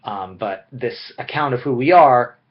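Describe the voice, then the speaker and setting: A man's voice: mid-range voice, animated, a little slow, lo-fi sound. A man giving a recorded philosophy lecture in a conversational way, often checking in with "right?". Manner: conversational, frequent "right?" tag questions.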